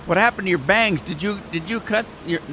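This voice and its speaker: A man mimics a wife upset about a haircut, her questions pitched up and incredulous. It is a light, everyday impression told in passing over a game. Soft rain hisses faintly behind the voice. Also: fairly quick, close to an everyday voice. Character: his wife, an upset woman.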